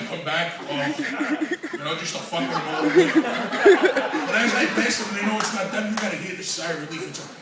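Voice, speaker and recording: A man doing a profane, self-mocking stand-up comedy set at an open mic. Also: high voice. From New York. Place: comedy club open mic, large room. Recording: echoey room from far off with noise.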